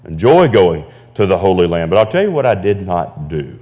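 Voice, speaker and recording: A man's voice: sits low, sing-song, normal speed, lo-fi sound. A man preaching a sermon as pastor, repeating phrases and stumbling into restarts as he builds to emphatic points. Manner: preaching with repetitions and stammered restarts, rising to emphatic. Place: church.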